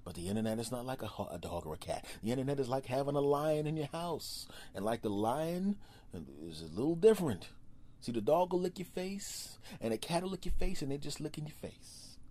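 A man hosting a solo comedy podcast, riffing in an animated, repetitive way. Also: mid-range voice, a little fast. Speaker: podcast host.

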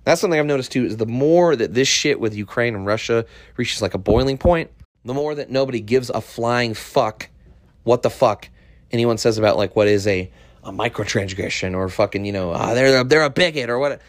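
A man's voice: mid-range voice, brisk, no room sound, clean studio sound. A man hosting a solo podcast, ranting in an irritated, profane way. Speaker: podcast host.

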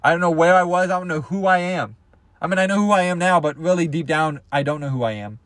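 Young guy rambling goofy and crude on his podcast, kinda high voice, dry close mic. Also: fast talker, a bit bright, dry recording. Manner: goofy, crude, jumps between bits and silly voices. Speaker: podcast host. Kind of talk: rambling comedic podcast monologue.

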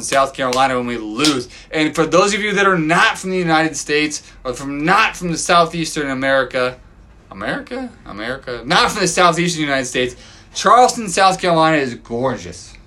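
A man hosting a podcast from his backyard, ranting profanely as a sports fan and swinging from loud outbursts to low mutters. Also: expressive, brisk. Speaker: podcast host. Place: home backyard.

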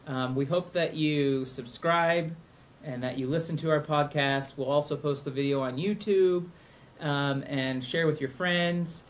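A man's voice: a little high, steady tone, measured pace. A middle-aged man co-hosting a podcast in casual, joking, rambling chat. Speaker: podcast co-host.

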